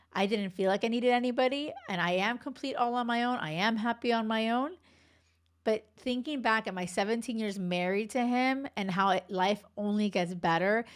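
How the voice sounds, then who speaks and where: A woman in her forties hosting a dating podcast as a coach, talking bluntly in a casual monologue, swearing freely and laughing between asides. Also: mid-range voice.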